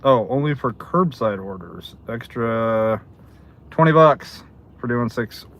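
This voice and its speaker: An older man in his seventies talks casually from inside his car. His pitch sits in the middle, and he keeps up an easy, chatty flow while greeting viewers one by one. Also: expressive, slow pace, a bit bright. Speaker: delivery driver livestreaming. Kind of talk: casual livestream chat.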